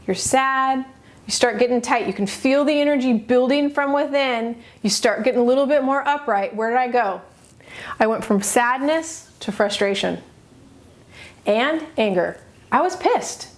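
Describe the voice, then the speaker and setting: A middle-aged woman coaching viewers, telling a personal story in an expressive, animated way with direct questions to them. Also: high voice. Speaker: life coach vlogger.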